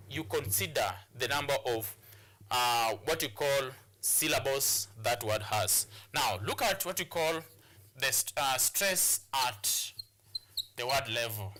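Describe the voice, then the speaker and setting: A man's voice: medium pitch, sharp tone. A man with a Kenyan English accent teaching a televised English lesson, explaining syllables step by step with frequent repetition and rhetorical questions. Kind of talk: classroom lesson on stress and syllables.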